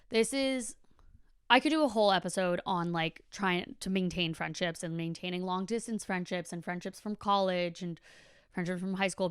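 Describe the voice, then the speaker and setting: A young woman rambles through a casual podcast monologue, peppering everything with "like" and the odd swear word. Her voice is smooth and resonant, recorded close and dry with no room sound. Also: mid-range voice, no room sound. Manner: chatty, frequent "like", swears casually. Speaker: podcast host.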